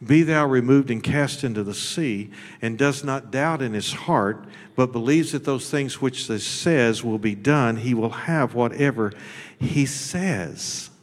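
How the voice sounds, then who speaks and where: A man preaching a sermon as pastor. His delivery is folksy and blunt, with repeated words, and it swings between shouted high peaks and low, close talk. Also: measured pace. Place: church sanctuary. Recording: long hall reverb.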